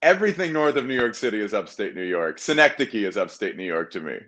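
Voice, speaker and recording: A man from the American South appears as a comedian guest on a video call. His voice sits a bit low. His delivery is dry and playful, with jokes dropped in casually. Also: very animated, fast, a bit bright.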